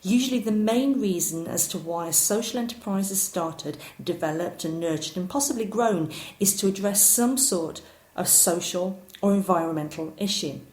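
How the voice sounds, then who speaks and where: A woman giving a recorded course lecture, explaining ideas clearly and at times poking fun at herself. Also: lowish voice, moderate pace, a little mellow. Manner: clear, explanatory, occasionally self-deprecating. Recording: roomy echo.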